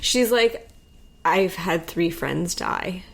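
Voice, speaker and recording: A woman co-hosting a podcast, reacting quickly and laughing often in casual chat. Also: lowish voice, animated, vocal fry, a bit bright.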